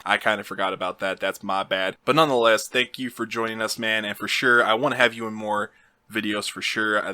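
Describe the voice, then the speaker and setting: A young male host with a lowish, bright-edged voice closes out the video casually. The sound is dry and close. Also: no room sound. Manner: relaxed, thankful, loose. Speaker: channel host. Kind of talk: casual outro.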